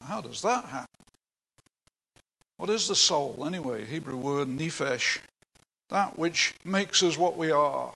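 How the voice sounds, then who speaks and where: A man's voice: fairly high pitch, animated, a little slow, gravelly, pauses often, bright, forceful tone, husky, low-quality recording. An older man preaching a sermon, earnest and emphatic, explaining scripture in plain words with a few asides. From England.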